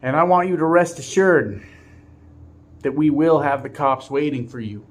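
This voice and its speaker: A man's voice: a little high, moderate pace, lightly acted. A man voicing a stern middle-aged male bus driver who makes blustering, threatening announcements.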